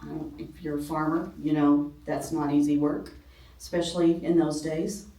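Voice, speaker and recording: Speaking at a normal pace in a low, warm, level voice, a middle-aged woman teaches an informal ladies' Bible class. She's conversational, full of ums, and pokes fun at herself now and then. The mic sits far from her in a roomy church classroom.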